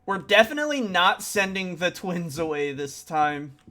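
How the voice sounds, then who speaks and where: A man's voice: high-pitched, lively intonation, normal speed, sharp tone. A man streaming a game, thinking aloud in a chatty, self-deprecating way. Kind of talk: casual let's-play commentary.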